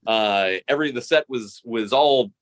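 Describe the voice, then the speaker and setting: A man co-hosting a podcast in casual chat, animated and laughing often, repeating words as he starts sentences. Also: medium pitch, moderate pace. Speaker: podcast co-host.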